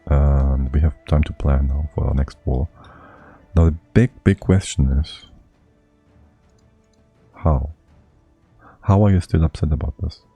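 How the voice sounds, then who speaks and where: Live-streaming a strategy game, a man talks his moves through half to himself in a very low, dark voice with a husky edge. He mutters and chuckles between thoughts, keeping a steady tone and measured pace with frequent pauses, over soft background music.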